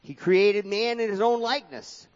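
A man's voice: high voice, steady tone, moderate pace. A man preaching a sermon with a sing-song cadence that swings up and down, reading scripture aloud in a church hall. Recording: dull lo-fi sound with long hall reverb.

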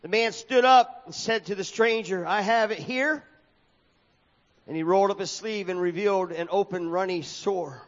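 A man's voice: high-pitched, normal speed, few pauses. A man preaching a sermon, telling a story dramatically and acting out the characters' cries. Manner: dramatic, acts out shouted lines. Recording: dull echoey hall recording.

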